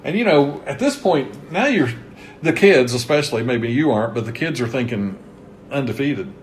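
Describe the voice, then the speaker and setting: Man, Kentucky accent, casual interviewer, mid-pitched voice, rattles off numbers, faint background hum. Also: lively intonation, normal speed. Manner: chatty, reels off season statistics. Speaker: host interviewing a former coach. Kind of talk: casual sports history interview.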